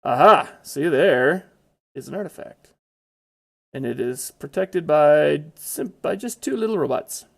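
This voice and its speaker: Gravelly man narrating his gameplay. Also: on the high side, animated, a little slow, fairly bright tone. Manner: chatty, exclaims when startled. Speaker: gameplay commentator. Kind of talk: casual gameplay commentary.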